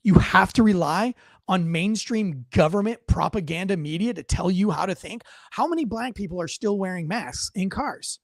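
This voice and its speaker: A man with a high voice talks through a heated podcast rant. He pushes each point hard and often restarts and repeats his phrases. The sound is close and dry. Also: moderate pace, creaky, no echo. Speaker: podcast host. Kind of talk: heated commentary.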